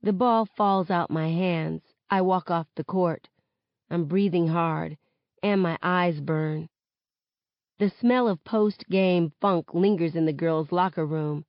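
A woman reading a novel aloud in the first person, with expressive narration. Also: fairly low pitch, slow, dry recording, dull audio. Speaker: reader of a novel. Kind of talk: audiobook-style novel reading.

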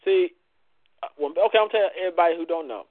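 Male show host, high and animated, brash and preachy, dry phone-quality audio. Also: fast, no echo. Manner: loud, playful, preachy banter with frequent cursing. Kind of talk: casual radio-style chat.

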